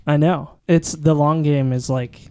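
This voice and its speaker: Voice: mid-range voice, steady tone, measured pace, a little mellow, no echo. Chill podcast host, teasing, keeps asking stuff, mid voice. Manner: teasing, asks lots of questions. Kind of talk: casual chat.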